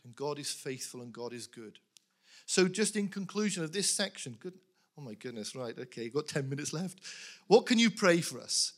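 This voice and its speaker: A man preaching earnestly to a church congregation, animated, with laughs and quick asides. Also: fairly high pitch. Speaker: pastor appealing for prayer. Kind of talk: sermon.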